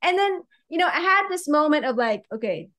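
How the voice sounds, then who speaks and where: A young woman ring announcer chatting casually, animated and quick to laugh, with frequent restarts. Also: very high-pitched. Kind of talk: casual conversation.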